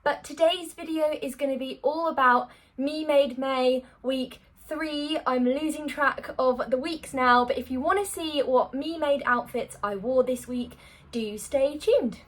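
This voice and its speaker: A woman's voice: sits high, a little slow. Chatty young-sounding woman vlogger. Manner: chatty, self-deprecating, rambling. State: a little out of breath. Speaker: sewing vlogger. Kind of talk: casual chat to camera.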